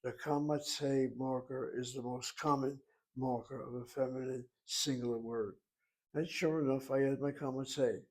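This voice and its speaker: A man lecturing on Hebrew grammar in a steady, methodical way. His voice sits at a middling pitch and barely moves up or down. He works through each rule patiently, one step at a time. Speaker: Hebrew teacher. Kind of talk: classroom lecture at a whiteboard.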